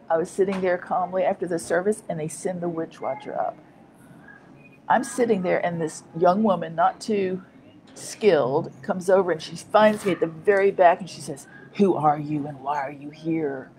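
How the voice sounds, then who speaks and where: A woman's voice: on the low side, normal speed, darkish tone, slight background noise, rough recording. A middle-aged woman minister giving an informal, rambling teaching monologue, repeating phrases for emphasis. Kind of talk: informal online preaching monologue.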